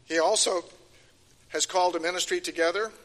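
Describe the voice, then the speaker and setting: Older guy preaching, high bright voice, big hall echo, keeps repeating lines for emphasis. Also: fairly even intonation, fairly quick. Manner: emphatic, repeats key phrases, voice rising and falling. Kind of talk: sermon. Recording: long hall reverb.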